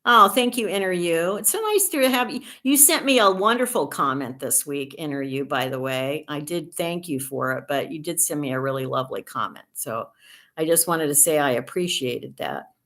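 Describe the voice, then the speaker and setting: Chatty older woman with a lowish voice. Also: expressive, moderate pace, fairly bright tone. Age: 60s. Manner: rambling, chatty, dry self-deprecating humor. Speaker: livestream host. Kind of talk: casual livestream chat answering viewer comments.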